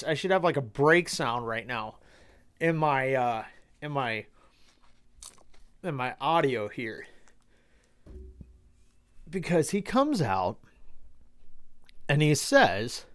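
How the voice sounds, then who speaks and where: A man's voice: medium pitch, big pitch swings, takes it slowly, long pauses, a bit bright. A man hosting a casual podcast monologue, rambling with lots of fillers, swearing freely and talking with sarcasm. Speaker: podcast host.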